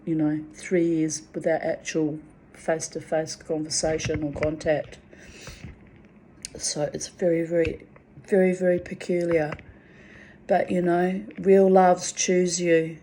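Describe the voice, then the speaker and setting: A woman's voice: low voice, warm tone, slight background noise. A woman speaking in a raw, emotional monologue, venting and swearing about love and men. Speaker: spiritual vlogger.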